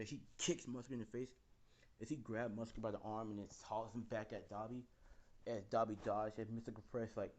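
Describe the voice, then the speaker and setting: A man's voice: fairly low pitch, darkish tone, slight background noise, low-quality recording. A young man casually improvising a fan story, rambling with lots of fillers and the odd swear.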